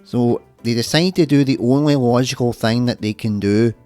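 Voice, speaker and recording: Scottish male comic narrator, mid-pitched, sarcastic, sweary. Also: normal speed, mellow, no room sound, soft background music. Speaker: comic storyteller.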